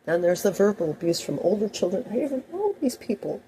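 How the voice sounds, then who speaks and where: A woman's voice: medium pitch, big pitch swings, fast talker, mellow, a little hiss or hum, poor audio. A woman telling personal stories in a rambling, anecdotal monologue full of asides. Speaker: host.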